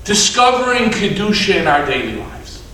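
Rabbi giving a sermon, a man with a high, lively voice, picked up from a distant mic. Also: slight background noise. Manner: animated, drawn-out emphatic phrasing. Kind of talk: sermon with storytelling. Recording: echoey hall, mic at a distance.

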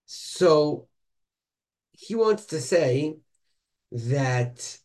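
A man's voice: fairly high pitch, drawn-out words. A man sharing a Torah insight in a casual study group, asking rhetorical questions and quoting Hebrew sources. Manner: animated, rhetorical questions, mixes Hebrew and Yiddish terms.

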